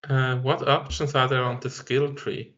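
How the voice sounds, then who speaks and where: A man playing a tabletop game online, asking a question in a quiet, even way. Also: medium pitch, unhurried, lo-fi sound. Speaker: player. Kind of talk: casual tabletop play.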